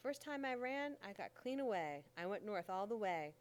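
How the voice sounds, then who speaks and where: The voice is a woman giving voice to a calm, steady grown man in a storybook reading, patient and plain-spoken as he teaches. The delivery moves between higher and lower turns, slow and deliberate. It sounds like an audiobook character. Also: clear, resonant tone.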